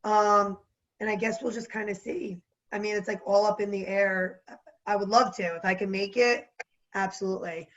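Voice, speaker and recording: A young woman with a New Jersey accent, chatting as a podcast guest in a bubbly, animated way. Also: medium pitch, muffled recording. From New Jersey, USA. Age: young adult. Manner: bubbly, animated, quick to laugh. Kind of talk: casual interview chat.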